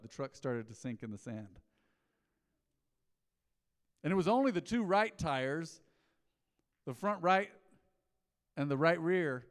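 A middle-aged male pastor preaching a sermon, swinging from soft pleading to loud calls that get the congregation repeating after him. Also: on the high side. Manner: animated preaching, rising and falling dynamics, calls to the congregation. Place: large church hall. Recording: long hall reverb.

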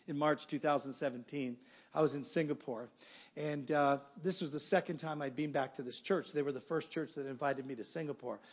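A middle-aged male pastor preaching a sermon, telling a story and acting out the dialogue. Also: a little high. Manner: animated storyteller, acts out dialogue.

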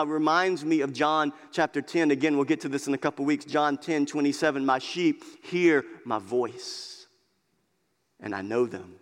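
Man preaching a sermon, kinda high voice, repeats himself for emphasis, long echo like a church hall. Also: moderate pace. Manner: emphatic preaching, dropping to hushed intensity at key points; repeats words as he builds. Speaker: pastor.

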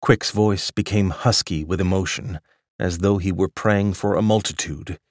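Male audiobook narrator, very low voice, dry close sound, measured delivery. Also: no room sound. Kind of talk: literary fiction narration.

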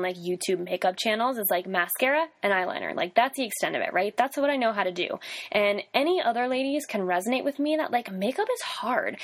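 A woman's voice: mid-range voice, no echo. Chatty young woman, very dry sound. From Northern Virginia / Washington DC area. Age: 20s. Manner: chatty, peppered with "like" and "um". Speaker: podcast host. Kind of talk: casual solo podcast monologue.

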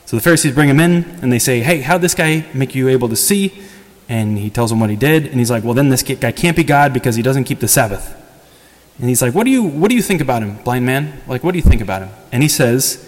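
A priest gives a casual sermon in church, retelling a story with lively delivery, acting out the quotes with a higher pitch and laughing. The recording has long church reverb.

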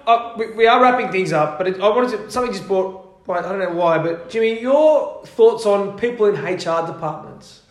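A man's voice: high-pitched, expressive, moderate pace. A man co-hosting a podcast, joking and laughing, often stumbling and restarting mid-sentence. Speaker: podcast co-host. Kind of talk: casual banter. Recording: echoey room.

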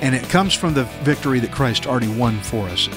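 A male pastor preaching a radio sermon, earnest and emphatic, slowing down to read scripture. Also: mid-range voice, expressive, loud music behind the voice.

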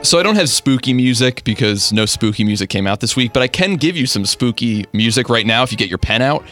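A man's voice: mid-range voice, expressive, quick pace, fairly bright tone, faint music behind. A young man hosting a radio show, chatting casually in a laid-back, rambling, self-deprecating way. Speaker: radio host. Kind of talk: casual chat.

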